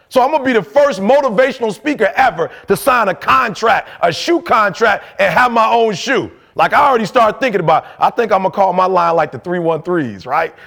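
A man in his forties from Detroit, giving a fiery motivational speech full of street slang and loud shouted bursts. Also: high voice, gravelly. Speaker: motivational speaker.

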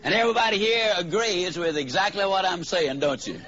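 A man giving a motivational speech to a live audience, telling a story with drawn-out, emphatic punchlines. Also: high voice, sharp tone. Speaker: motivational speaker. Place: in front of an audience. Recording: slightly dull, faint background hiss.

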